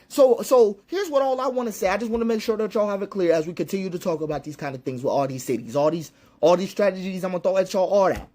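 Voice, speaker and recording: High-voiced man giving an impassioned monologue. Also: darkish tone. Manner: preacherly, repetitive, emphatic. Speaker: commentator.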